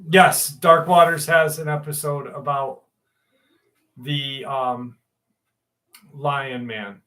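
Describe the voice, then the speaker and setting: This livestream host talks slowly in a mid-range, fairly bright voice with fairly even intonation. He chats casually with viewers from his room at home, rambling, using fillers and swearing now and then, all on a low-quality recording.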